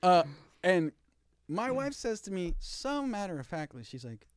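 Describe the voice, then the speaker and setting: A man co-hosting a comedy podcast, telling a rambling crude story in loose, animated banter. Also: high-pitched, normal speed, smooth, no echo, clean studio sound. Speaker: podcast co-host.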